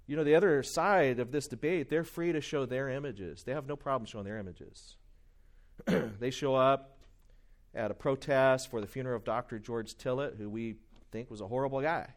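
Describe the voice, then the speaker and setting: A man preaching a sermon, emphatic, repeating his key questions and swinging between loud stresses and quiet asides. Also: medium pitch.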